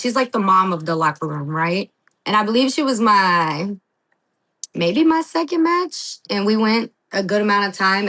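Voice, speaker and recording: A woman wrestler talking casually on a podcast, telling animated stories, acting out quotes, laughing and swearing freely. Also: lowish voice, poor audio. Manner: lively storyteller, acts out quotes, laughs, swears. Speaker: wrestling guest.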